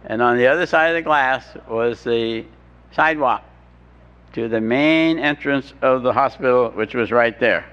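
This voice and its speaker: A man's voice: mid-range voice, unhurried, fairly bright tone, smooth. Older man telling a wry recovery story. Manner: dry humor, restarts, quotes others in voices. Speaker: speaker sharing his recovery story. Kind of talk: storytelling talk to an audience. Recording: dull lo-fi talk recording with faint hiss.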